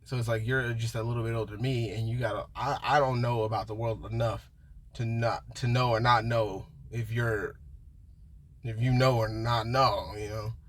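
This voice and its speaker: A young man talking in a casual, rambling monologue, full of restarts and "you know"s, with a husky voice. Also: medium pitch, steady tone, moderate pace. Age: young adult. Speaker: vlogger.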